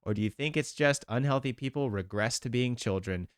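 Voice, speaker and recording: A man's voice: mid-range voice, a little fast, smooth, dry recording, studio quality. A man, a therapist, talking earnestly to camera and reacting to a podcast clip, livelier when retelling his own thoughts. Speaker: therapist hosting a video channel. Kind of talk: casual reaction commentary.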